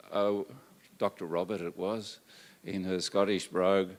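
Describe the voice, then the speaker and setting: An older man giving a public lecture, telling stories in a halting way with many fillers. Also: deep voice. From Australia. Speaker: guest lecturer.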